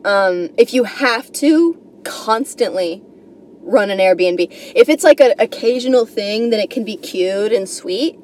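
A woman's voice: mid-range voice, lively intonation, measured pace, darkish tone, slight background noise. A young woman from New York hosting a comedy podcast, rambling and swearing, with lots of "like" and "you know". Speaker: podcast host. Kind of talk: casual comedic monologue.

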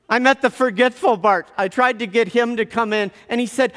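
A man telling a personal story in an animated way, often restarting with quick repeated words. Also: extremely high pitch, in a large hall.

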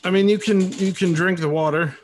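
A man's voice: high voice, steady tone, fairly quick, slight background noise. A young man co-hosting a podcast, laid-back and joking in a casual comedic debate. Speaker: podcast co-host.

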